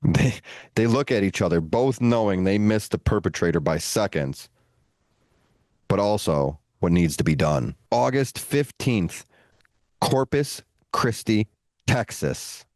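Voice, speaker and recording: A man co-hosting a podcast, telling a long story in an animated, relaxed way with playful asides. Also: low-pitched, moderate pace, dry recording, clean studio sound. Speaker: podcast co-host. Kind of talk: casual storytelling.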